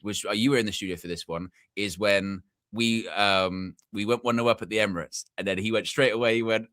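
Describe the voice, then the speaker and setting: Bright-voiced man, chatty fan co-host. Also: a little fast, dry recording, clean studio sound. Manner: animated, mimics friends in high voice. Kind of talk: casual football chat.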